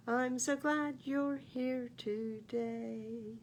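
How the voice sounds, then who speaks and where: A woman librarian reading picture books aloud at a baby storytime, animated and sing-song, talking to little listeners. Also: medium pitch, takes it slowly, creaky, husky. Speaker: children's librarian.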